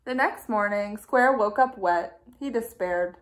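A woman teacher reading a children's storybook aloud in a gentle, expressive way. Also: mid-range voice, a little slow, hardly any pauses.

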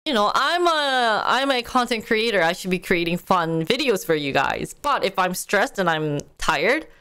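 A woman's voice: medium pitch, moderate pace, smooth. Chatty young woman with a Korean accent. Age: young adult. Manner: chatty, animated, laughs often, many fillers. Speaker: content creator and streamer. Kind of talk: casual podcast chat.

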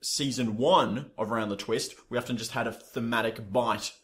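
A man's voice: mid-range voice, normal speed, a bit bright. A man co-hosting a casual recap podcast, teasing his partner with dry banter. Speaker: podcast co-host.

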